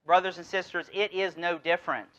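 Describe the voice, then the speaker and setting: Bright-voiced man giving a keynote. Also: sits high, steady tone, a little fast, muffled recording. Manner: storytelling with rhetorical questions and acted dialogue. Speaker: keynote speaker. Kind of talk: motivational conference address.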